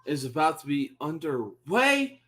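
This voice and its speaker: A man commentating a fight on a live stream, swearing and yelling at the fighters in exasperation. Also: on the high side, sing-song, a little slow.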